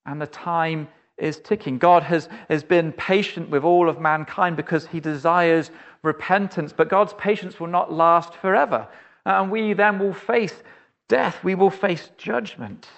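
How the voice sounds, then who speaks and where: A male preacher, telling a vivid story in a sermon and addressing the listener directly, often dropping to a soft, low, pleading voice.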